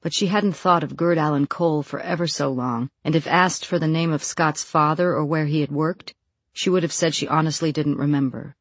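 An audiobook narrator reading a novel in a measured, even storytelling voice. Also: mid-range voice, breathy edge, no room sound. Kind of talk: scripted narration.

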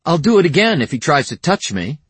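A man's voice: medium pitch, animated, husky, dry recording, voice pushed up. A man voicing a defiant young woman in an audiobook, talking back sharply. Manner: sharp, quick retorts.

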